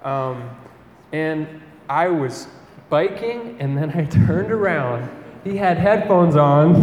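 A young man giving a conversational campus sermon, telling a lively personal story and often asking "right?". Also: high-pitched, roomy sound, long reverb tail, noisy background. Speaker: campus ministry speaker.

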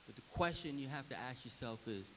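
A man preaching a sermon, moving from quiet reflection to loud, emphatic preaching. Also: medium pitch, lively intonation, brisk, in a large hall, slight background noise. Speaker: pastor.

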